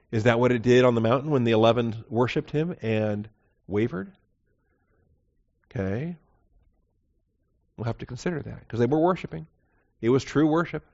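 Male Bible teacher, chatty and rambling, mid-pitched voice, muffled low-fi recording. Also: creaky, darkish tone. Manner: conversational, digressive, corrects himself aloud. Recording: dull lo-fi recording.

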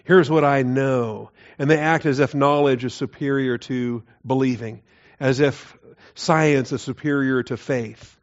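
A man teaching through Bible verses in an earnest, emphatic way, often dropping his voice low to stress a point. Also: fairly even intonation, measured pace. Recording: dull lo-fi recording.

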